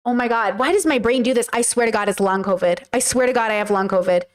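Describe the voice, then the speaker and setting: A woman hosting a casual commentary stream, her voice sitting a little high for a woman. She talks in an emphatic, slangy way and addresses her chat directly, circling back and restating her points. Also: fast talker.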